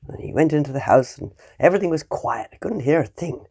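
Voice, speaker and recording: A woman teacher telling a fairy tale to young children, animated and playful, acting out the animal sounds. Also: low voice, fairly quick, gravelly, breathy edge.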